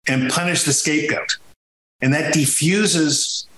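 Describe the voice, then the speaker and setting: A man's voice: on the high side, measured pace, fairly bright tone, echoey room, rough recording. A man from Sicily talking as a podcast guest, telling his story emphatically with frequent restarts. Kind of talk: conversational podcast interview.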